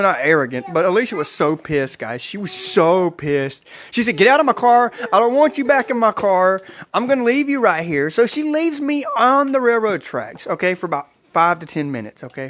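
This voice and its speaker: A man's voice: high voice, a bit bright. A man vlogger telling a casual storytime, rambling and profane, repeatedly addressing his viewers.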